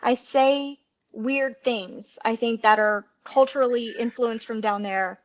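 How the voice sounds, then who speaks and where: Chatty higher-voiced woman, mountain biker. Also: steady tone, a little slow. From New Orleans area, Louisiana. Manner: chatty, frequent "like" fillers, laughs often. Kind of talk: casual interview chat.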